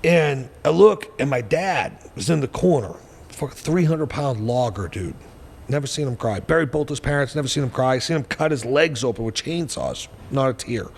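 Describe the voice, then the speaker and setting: Podcast guest, man in his forties, animated and foul-mouthed storyteller, faint background hiss. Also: medium pitch, normal speed, creaky, long reverb tail. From New Hampshire, US. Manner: blunt, profane, animated storytelling. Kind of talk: storytelling interview.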